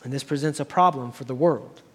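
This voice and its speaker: A man's voice: mid-range voice, a little fast, breathy edge. A man preaching a sermon as pastor, earnest, building to raised emphatic passages.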